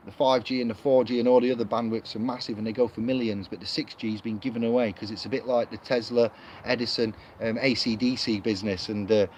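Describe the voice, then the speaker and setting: A man with a mid-range, somewhat dark voice rambles casually to camera while reviewing a book, full of fillers and restarts. The audio is muffled and lo-fi, with clear street noise.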